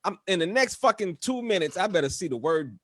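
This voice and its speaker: Loud, profane man ranting on a live show. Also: high voice, very animated, brisk, dry recording. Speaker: host. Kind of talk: casual live-stream chat.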